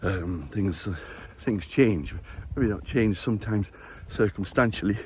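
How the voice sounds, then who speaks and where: Bloke talking to his camera while climbing a hill, slightly winded, low voice, faint hiss behind. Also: a little slow, darkish tone. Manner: chatty, rambling, chuckles often. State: short of breath from climbing. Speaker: vlogger. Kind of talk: casual walking vlog with faith reflections. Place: outdoors, climbing hill stairs.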